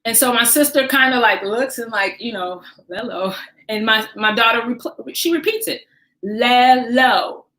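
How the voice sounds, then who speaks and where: Woman storyteller, forties, fairly high voice, lively and laughing, roomy echo. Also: normal speed, hardly any pauses. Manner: animated, laughing, acts out quoted voices. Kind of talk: personal storytelling. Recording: echoey room.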